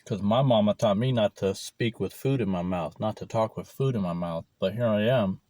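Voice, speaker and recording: A man's voice: fairly low pitch, moderate pace, warm tone, no echo. A man vlogging casually while he eats lunch, rambling and swearing freely, recorded without his clip-on mic. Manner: rambling, profane, swears often. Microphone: camera mic, no clip-on mic.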